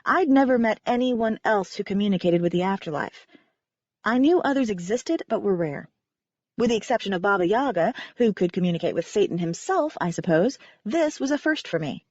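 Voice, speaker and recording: A woman's voice: medium pitch, expressive, fairly quick, darkish tone, no room sound. Wry woman narrating an audiobook. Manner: wry, conversational reading. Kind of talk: first-person audiobook narration. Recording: dry, slightly dull recording.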